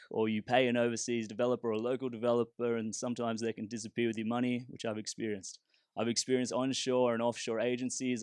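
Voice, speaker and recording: A man's voice: mid-range voice, a little mellow, smooth, no echo, studio quality. A man, a startup founder giving a casual, humorous storytelling talk with a self-deprecating touch.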